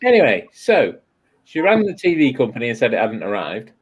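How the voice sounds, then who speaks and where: A woman's voice: rumbling low, huge pitch swings, a little fast, a little hiss or hum. A woman hosting a casual live stream chat, telling rambling stories full of restarts and dry jokes.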